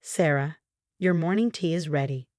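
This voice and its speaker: A woman's voice: low-pitched, normal speed, a little mellow, dry recording, clean studio sound, close to an everyday voice. A woman voicing a pushy middle-aged mother who talks in a sweet, insistent sing-song. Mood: coaxing.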